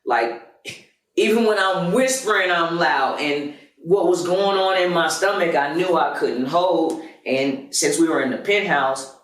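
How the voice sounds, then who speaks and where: Guy on his podcast telling a raw story, loud and cussing, mic kinda far off in an echoey room. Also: a little high, a little slow. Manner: emphatic, profane, loud storyteller. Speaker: podcast host. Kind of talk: confessional storytelling monologue. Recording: roomy, distant mic.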